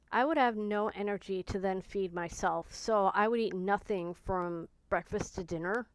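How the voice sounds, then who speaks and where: A woman confides to her camera in a candid, rambling way, weighed down by grief and short on energy. Her voice is smooth and clean, recorded close and dry with no room sound. She talks plainly and from the heart, full of fillers. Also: mid-range voice, no room sound. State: grieving, low on energy. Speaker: vlogger. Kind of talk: personal vlog confiding.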